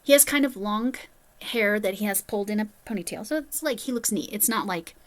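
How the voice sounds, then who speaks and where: Woman, casual storyteller, rambling and self-mocking, mid pitch. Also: fairly quick. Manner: chatty, rambling asides, self-deprecating. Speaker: crochet vlogger.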